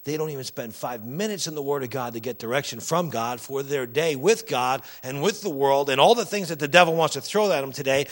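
A man preaching a sermon, emphatic and animated, addressing the congregation directly. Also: high voice.

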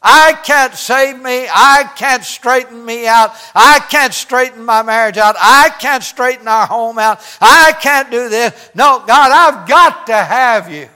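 An older American man preaching a sermon in a fairly high, bright and forceful voice. He builds through repeated phrases with strong emphasis and often falls to a soft, quiet hush. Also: slow pace, few pauses, clear, resonant tone. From United States. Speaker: pastor.

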